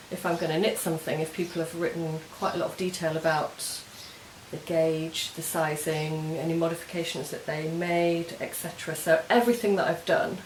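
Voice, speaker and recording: A woman hosting a knitting podcast, chatting casually and explaining her projects step by step in a meandering way. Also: low-pitched. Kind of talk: casual show-and-tell chat. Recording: roomy echo with faint hiss.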